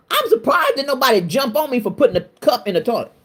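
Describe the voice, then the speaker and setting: Lively middle-aged woman spinning a story. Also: high voice, quick pace, slightly rough. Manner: animated, laughs often, colloquial and self-mocking. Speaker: livestream host. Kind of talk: casual storytelling to a live chat.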